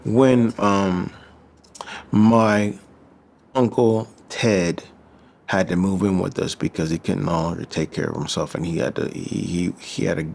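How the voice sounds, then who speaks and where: A man's voice: low-pitched, steady tone, measured pace, gravelly, darkish tone. A man from the Midwestern United States, a physician assistant, talking casually and earnestly with lots of fillers. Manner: loose, filler-heavy, earnest. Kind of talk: casual conversation.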